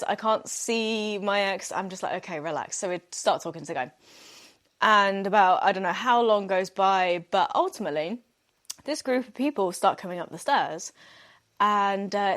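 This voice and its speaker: A woman's voice: mid-range voice, fairly bright tone. A young woman, hosting a podcast and telling a personal story in a chatty, self-deprecating way, laughing often. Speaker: podcast host. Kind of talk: candid storytelling monologue.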